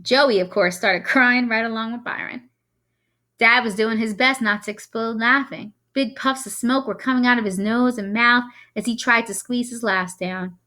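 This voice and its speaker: A woman reading a novel aloud in a lively, wry first-person voice. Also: on the high side, moderate pace. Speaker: reader.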